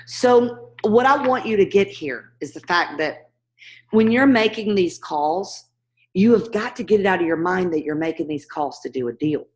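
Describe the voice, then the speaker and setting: A woman's voice: lowish voice, expressive, moderate pace, a little mellow. A woman teaching a class on cold calling, upbeat and direct, speaking to her students by name. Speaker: real estate investing coach.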